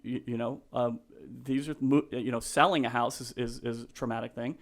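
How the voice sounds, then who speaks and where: A man's voice: mid-range voice, fairly even intonation. A man who works as a real estate agent, a guest in a casual podcast interview, talking earnestly with many restarts and fillers. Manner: halting, full of restarts and fillers; earnest, gets emotional and laughs.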